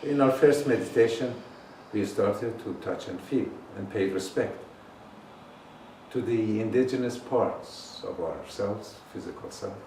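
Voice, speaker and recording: A man leading a guided meditation as a healing teacher, intoning slowly and deliberately with long pauses. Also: on the low side, mellow. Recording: roomy echo, voice far from the mic, faint noise.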